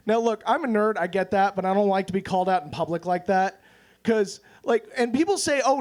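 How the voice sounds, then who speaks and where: A man in his twenties doing a self-deprecating stand-up set at an open mic. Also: high-pitched. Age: 20s. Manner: deadpan, self-deprecating, with quoted voices. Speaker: stand-up comedian.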